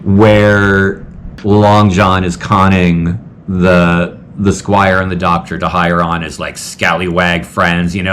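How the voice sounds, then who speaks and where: Man, low voice, casual film recap, rambling, says "like" a lot, faint hiss. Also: slow, fairly bright tone. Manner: chatty and rambling, heavy use of "like". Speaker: host.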